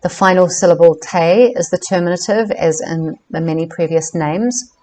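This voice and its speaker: Woman reading a book aloud, measured. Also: lowish voice, warm tone, poor audio. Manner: careful, measured reading with self-corrections on names. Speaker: reader of a book.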